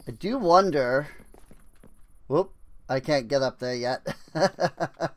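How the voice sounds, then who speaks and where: A man's voice: fairly high pitch, slow pace, long pauses. A young man streaming a video game and chatting casually, rambling with many fillers, laughing often, his throat a little dry. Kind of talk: casual gameplay commentary.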